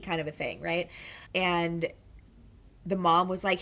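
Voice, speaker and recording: A frank woman therapist co-hosting a podcast over a video call, her voice a little low with a gravelly rasp. She talks casually, swears easily and acts out the people she quotes. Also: steady tone, moderate pace, long pauses, fairly bright tone.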